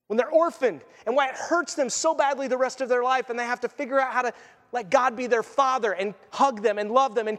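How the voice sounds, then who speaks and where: Pastor, male, high voice, animated sermon delivery, long church reverb. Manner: animated, acts out voices and jokes.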